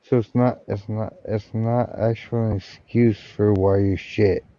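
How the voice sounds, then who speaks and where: A man's voice: fairly low pitch, fairly even intonation, unhurried, no room sound, highs cut off. A man hosting a casual livestream chat, rambling and sardonic, with frequent swearing.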